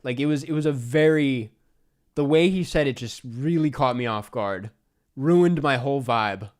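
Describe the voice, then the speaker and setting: A young man hosting a stream, telling a funny anecdote in casual chat, animated and exasperated, laughing between lines. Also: medium pitch, moderate pace. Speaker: streamer host.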